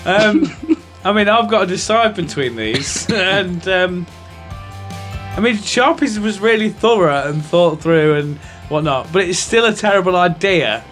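A man's voice: high-pitched, expressive, unhurried, a bit bright, soft background music. A man co-hosting a comedy podcast, laughing often and talking with plenty of hesitant fillers. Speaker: podcast co-host. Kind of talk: casual comedic chat.

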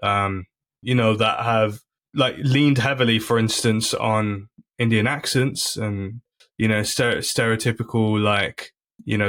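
A man's voice: fairly low pitch, steady tone, a little slow, fairly bright tone. A man, a comedian guest on a podcast, talking earnestly in a casual chat, with many restarts and frequent "you know"s. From United Kingdom.

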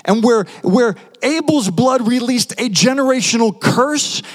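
Guy preaching in a big echoey hall, pretty high voice, animated, throws out questions. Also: a little slow. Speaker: pastor. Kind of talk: sermon. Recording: long hall reverb.

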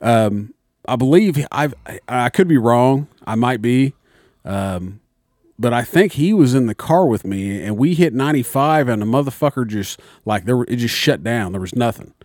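A man's voice: mid-range voice, lively intonation, moderate pace, a little mellow, no room sound, clean studio sound. Rambling, tipsy man telling a story. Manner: rambling, profane storyteller, acts out voices. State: slightly tipsy. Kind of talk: casual chat.

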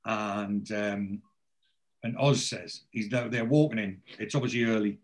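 On a podcast, a lower-voiced man speaks at a measured pace while chatting casually through a TV series recap. Telling it like an animated storyteller, he quotes lines from the characters and fills his retelling with fillers and restarts.

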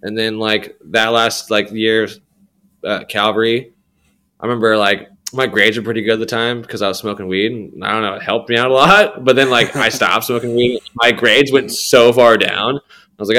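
Rambling young man, lowish voice. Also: steady tone, normal speed, pushed and bright. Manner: rambling, slangy, many fillers and restarts. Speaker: podcast guest. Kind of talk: candid personal testimony.

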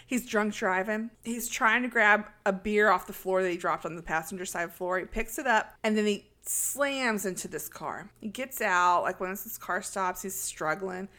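A woman retells a horror film scene by scene in a relaxed podcast chat. She tells it in an animated way, slipping into voices for the characters. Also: medium pitch, normal speed, few pauses. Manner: animated storytelling, acting out lines. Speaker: podcast host. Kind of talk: casual film recap.

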